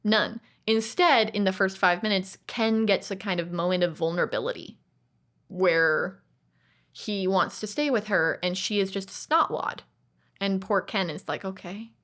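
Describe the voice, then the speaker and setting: Chatty woman podcaster, mid-pitched. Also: unhurried, fairly bright tone. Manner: chatty and digressive, acts out other people's lines. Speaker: podcast co-host. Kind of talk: casual chat about movies.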